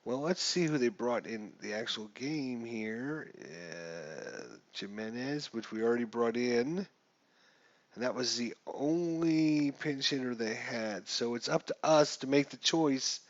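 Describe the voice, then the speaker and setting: Man, casual game commentary, unhurried, thinks aloud; muffled lo-fi sound. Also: mid-range voice, animated, no echo. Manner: chatty, thinks aloud, mutters rules while rolling. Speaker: gamer playing a baseball sim.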